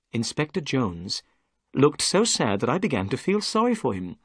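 A man reading a story aloud for English learners, clear and expressive. His intonation is lively, with wide swings in pitch. The recording is close and dry. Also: normal speed, no room sound. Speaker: narrator.

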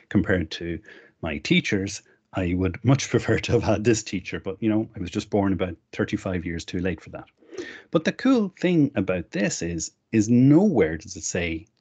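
A man's voice: sits low, darkish tone, slightly rough. A middle-aged man, presenting a live online tech demo in a conversational, explanatory way. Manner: conversational, explains while clicking through. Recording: dull lo-fi web stream.

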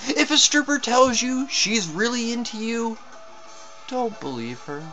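Brash boozy spaghetti deity guy, loud n swaggering, man doing the voice. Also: very high voice, expressive, measured pace, soft background music, heavily acted. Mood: preachy. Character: boozy hard-living male pasta deity.

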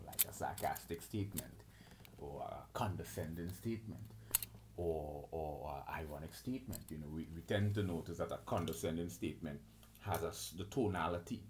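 A man's voice: deep voice, darkish tone, a little hiss or hum. A man giving a rambling solo lecture on his own channel, listing terms and restarting his sentences often. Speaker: channel host.

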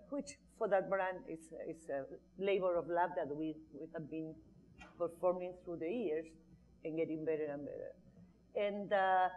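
A woman's voice: on the low side, low-quality recording. A woman speaking on an advertising industry panel, earnest and emphatic, with frequent restarts. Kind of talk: panel discussion.

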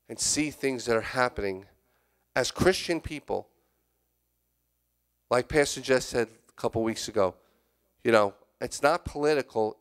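A man's voice: medium pitch, fairly bright tone, smooth. A man, a church elder, preaching a candid, confessional sermon that moves between spoken prayer and emphatic exhortation. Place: church sanctuary.

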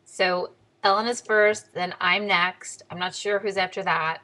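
In an unhurried, casual video diary, a young adult woman vlogger addresses the camera bluntly and with plenty of animation. When quoting others, she pushes her voice up high.

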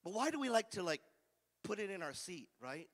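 A man's voice: sits high, sing-song, fairly quick, fairly bright tone, in a large hall. A man preaching a fervent sermon as pastor, drawing call-and-response amens from the congregation.

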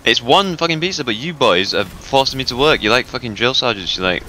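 A man's voice: medium pitch, animated, brisk, hardly any pauses, sharp tone, slight background noise. A man, chatting casually and joking with heavy swearing while playing a raid with friends. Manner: profane, joking banter with frequent laughs. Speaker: gamer in a raid. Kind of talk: casual voice chat while gaming.

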